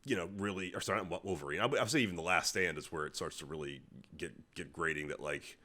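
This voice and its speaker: A man's voice: sits low, quick pace, pushed and bright. A young man co-hosting a podcast in casual chat, rambling with lots of restarts. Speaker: podcast co-host.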